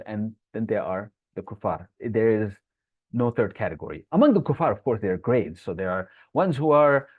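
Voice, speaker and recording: A man leads a live online Quran lesson at a brisk pace. He recites Arabic verses quickly, then explains them and picks up viewers' comments from the chat. His voice sounds thin and phone-like, dry with no room echo. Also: on the low side. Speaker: Islamic teacher.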